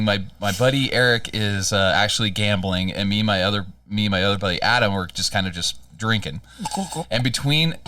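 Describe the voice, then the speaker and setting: A man's voice: fairly low pitch, sharp tone, no echo, far from the mic. A man co-hosting a podcast, telling a rambling, profane story in casual chat. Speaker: podcast co-host.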